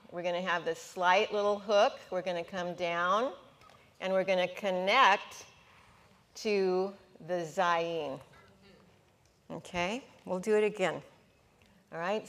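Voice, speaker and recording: A woman teaching a class at a board, slow and patient, coaxing her students with questions. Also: on the low side, fairly bright tone. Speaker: Hebrew teacher. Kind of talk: classroom lesson at a whiteboard.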